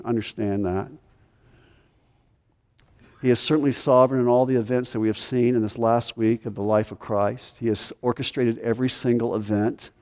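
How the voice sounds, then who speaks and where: A man preaching an expository sermon, pressing his points with emphasis and then dropping to a quiet, intense delivery. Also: mid-range voice. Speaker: pastor. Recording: long hall reverb.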